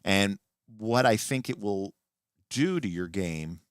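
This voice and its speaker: A man hosting a late-night livestream and explaining tabletop game rules as a game master, animated and often restarting his sentences. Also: fairly low pitch, slow pace, smooth, no echo, studio quality.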